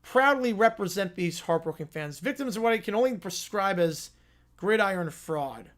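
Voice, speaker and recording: A man's voice: high voice, animated, moderate pace, a bit bright. A man voicing a sleazy, bumbling cartoon lawyer who speaks in pompous courtroom style.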